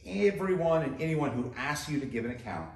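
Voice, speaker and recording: Animated pastor preaching in an echoey room. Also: male voice, a little high, brisk, vocal fry. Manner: conversational, asks the listeners direct questions. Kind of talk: sermon.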